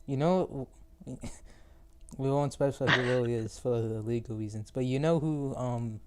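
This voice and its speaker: A man's voice: medium pitch, normal speed, background noise. A teenage male podcast host in casual chat, rambling and teasing, often losing his thread mid-sentence.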